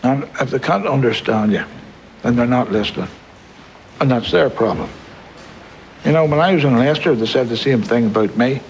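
A man's voice: mid-range voice, normal speed, pauses often, slight background noise, close to an everyday voice, rough recording. An actor playing an older grandfather in a film scene, tender and reassuring with a dry sense of humour. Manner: tender, reassuring, dryly humorous. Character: warm older grandfather, gentle and wry. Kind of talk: film drama acting.

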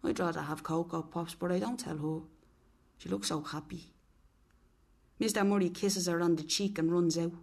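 A woman narrating in first person as a quiet, wistful young boy in foster care. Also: on the low side, steady tone, normal speed, gravelly, long pauses, slightly rough.

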